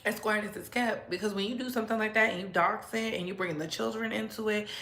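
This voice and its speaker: Woman streamer, sassy and laughing, mid pitch, echoey room. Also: fast. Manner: sassy, laughs often, animated swings in pitch. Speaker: commentary channel host. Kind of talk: casual livestream commentary.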